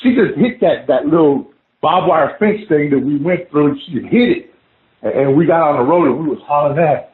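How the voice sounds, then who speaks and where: A man casually telling a scary story of his own, animated and swearing, saying "man" at every turn. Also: a little high, normal speed. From Oklahoma. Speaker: guest telling an encounter story. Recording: phone-line call audio.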